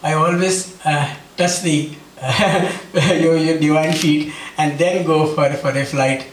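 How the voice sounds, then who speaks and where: A man's voice: a little high, steady tone, slow, slight background noise. A man giving an earnest devotional talk, telling personal stories and acting out what others said. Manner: earnest, storytelling, acts out quotes. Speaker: speaker at a devotional gathering. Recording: roomy hall, mic at a distance.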